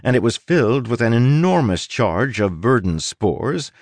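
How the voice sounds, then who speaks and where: A man narrating an audiobook in a wry manner, with dramatic pauses and stretched emphasis. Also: mid-range voice, big pitch swings, dry recording. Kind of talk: scripted narration.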